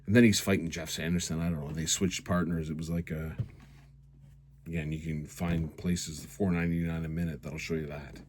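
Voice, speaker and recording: A man's voice: very deep voice, little pitch movement, brisk, darkish tone, slight background noise. A man hosting a casual hockey recap, ranting in a sarcastic, rambling way. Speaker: host.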